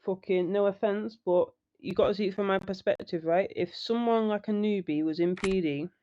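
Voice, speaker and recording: Speaking at a moderate pace, this young man from northern England recounts a heated, profanity-filled story while chatting casually. He's an online roleplay gamer with a high voice, heard through a muffled, faulty microphone.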